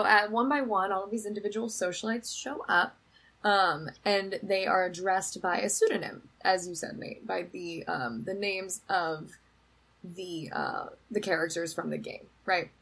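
A woman's voice: medium pitch, measured pace, gravelly, breathy edge, low-quality recording. A young woman co-hosting a podcast, chatting casually and retelling a film with lots of "like". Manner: chatty, says "like" a lot, lively retelling. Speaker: podcast co-host recapping a film. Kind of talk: casual chat.

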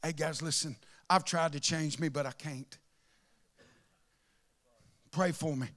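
A man preaching a sermon with speech, swinging between impassioned shouting and quiet, intimate asides. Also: on the high side, steady tone, slow pace. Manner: impassioned, shouting at peaks, then dropping to a murmur.

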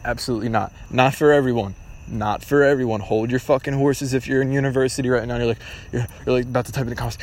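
A man's voice: medium pitch, steady tone, fast talker, a little mellow. A young man hosting a casual solo podcast, talking bluntly and ramblingly with lots of swearing. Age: young adult. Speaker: podcast host.

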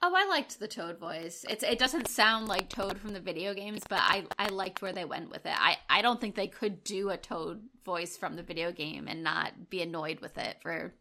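A woman co-hosting a casual podcast chat, upbeat with quick short replies. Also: lowish voice, sharp tone. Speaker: podcast co-host.

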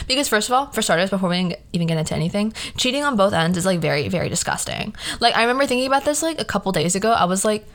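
A young woman from Peru hosting a casual solo podcast, ranting in an animated, chatty way, leaning hard on "like" and laughing often. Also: mid-range voice, racing, few pauses. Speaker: podcast host.

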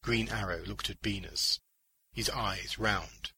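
A man reading a short story aloud as narrator, with an expressive storytelling delivery. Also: fairly low pitch, slow, husky, no room sound, low-quality recording. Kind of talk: scripted audiobook narration.

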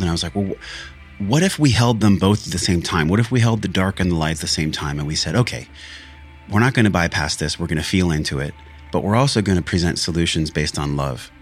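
A man hosting a podcast, talking earnestly and candidly about a spiritual journey, with frequent swearing. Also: sits low. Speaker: podcast host. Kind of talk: candid reflective monologue.

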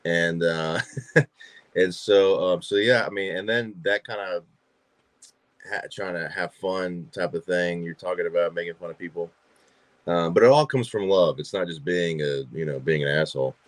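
Appearing on a podcast, an actor and filmmaker from Georgia, USA tells stories in easygoing talk peppered with fillers and repeats. He speaks low-pitched at a moderate pace, without echo.

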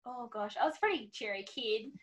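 A woman in her thirties, appearing as a podcast guest, tells her story in candid, chatty talk full of ums and quoted asides. Her voice is a little high, brisk, and a bit bright, and the recording is low quality.

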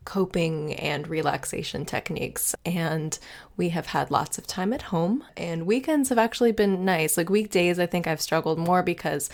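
A woman co-hosting a casual podcast chat, agreeable and quick to affirm, sharing her week. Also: fairly low pitch. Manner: warm, agreeable, frequent affirmations. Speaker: podcast co-host.

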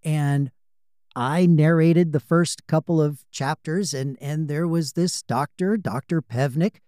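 A man's voice: fairly high pitch, slow, dark tone, clear, resonant tone, dry recording, studio quality. A man hosting a podcast and working as an audiobook narrator, telling stories animatedly and repeating words for emphasis. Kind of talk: conversational interview.

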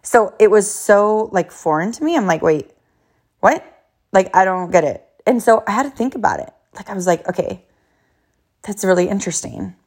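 A woman in her thirties tells a family story straight to her viewers, chatty and loose, with a steady stream of fillers. She slips into quick quoted voices for her kids and her husband, and her pitch sits in the middle range for a woman. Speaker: mother telling a family story.

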